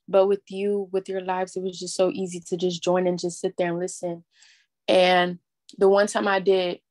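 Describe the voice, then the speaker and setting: Hesitant woman with flat delivery. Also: mid-range voice. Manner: hesitant, many fillers. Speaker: caller sharing a testimony. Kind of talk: spontaneous testimony on a live call.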